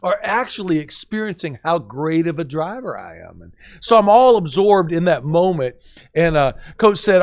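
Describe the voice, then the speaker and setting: A man's voice: on the high side, normal speed, dry recording. Dry-voiced middle-aged man telling a story. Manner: animated, acts out quoted voices. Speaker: co-host. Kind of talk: conversational storytelling.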